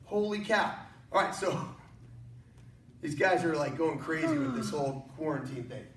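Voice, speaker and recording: A man's voice: a little high, a little slow. A man teaching an online martial arts class, coaching with energy and jokes. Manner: energetic, joking, encouraging coaching. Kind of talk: online workout class instruction. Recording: echoey room, mic at a distance, faint noise.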